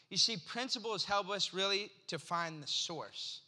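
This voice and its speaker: High, bright-voiced man in his forties preaching. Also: moderate pace. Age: 40s. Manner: conversational storytelling preacher, acts out voices in anecdotes. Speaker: pastor. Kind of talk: sermon.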